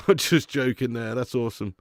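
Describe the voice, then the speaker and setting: A man's voice: medium pitch, measured pace, no echo, clean studio sound. A man hosting a live football watch-along, joking and laughing as he thanks viewers for super chats.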